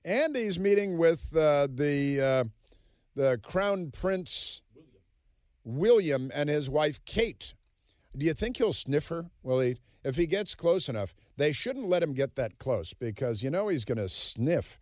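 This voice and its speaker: A man's voice: on the high side, expressive, unhurried, darkish tone, no room sound, clean studio sound. A man hosting a political talk radio show, talking in a sarcastic, mocking, rambling way full of fillers. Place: radio studio. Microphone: studio microphone.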